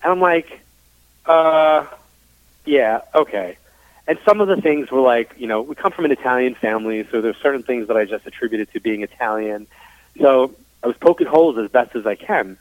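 A man's voice: mid-range voice, expressive, fast, no echo. Chatty New York man on a tinny line. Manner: chatty, frank, many fillers, acts out quoted dialogue. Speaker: psychic medium guest. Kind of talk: casual storytelling interview. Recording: dry tinny phone-like line.

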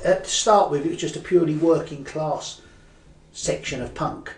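A man's voice: on the high side, normal speed, darkish tone, recorded from a distance. An older man from London's East End with a Cockney accent, telling stories as a guest in a rambling, casual way with many fillers and restarts. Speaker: guest poet. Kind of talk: casual interview chat. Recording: echoey room, away from the mic.

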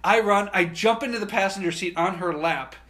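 A podcast co-host tells a wild story with animated, profane energy, acting out the people in it. His voice runs fairly high for a man. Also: fairly quick. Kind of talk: casual storytelling.

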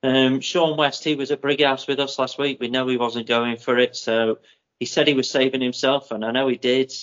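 A man co-hosting a running podcast, working through race results in a steady, methodical way with plenty of ums. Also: mid-range voice. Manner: methodical, with many ums and drawn-out names. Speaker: podcast co-host. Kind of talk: casual chat, reading out running results. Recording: muffled lo-fi audio.

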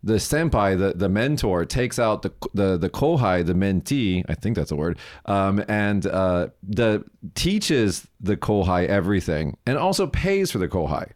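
A man co-hosting a casual chat, animated, acting out people in quoted voices and laughing often. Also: sits low, a little slow, few pauses. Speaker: podcast co-host. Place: lives in Japan.

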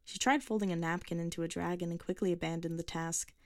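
A woman reading a short story aloud in a measured, even way. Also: fairly low pitch, dry recording. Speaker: narrator. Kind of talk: scripted story narration.

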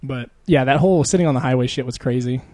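A man's voice: medium pitch, fast talker, mellow, no room sound. A young man chatting casually with a friend, rambling, swearing a lot and laughing often. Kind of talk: casual chat.

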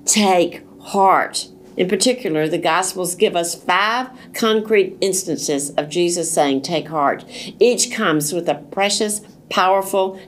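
A woman reads a devotional text in a lowish voice. Her delivery is slow, earnest and deliberate, with the odd stumble she corrects as she goes. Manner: slow, deliberate, earnest reading with occasional slips and restarts. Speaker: devotional reader. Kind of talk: devotional reading.

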